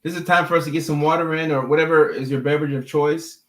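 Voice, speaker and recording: A man's voice: a little high, fairly even intonation, fast talker, reverberant. A man hosting a casual livestream as a mental health clinician, answering viewer comments in an easygoing, talkative way and often repeating words as he thinks.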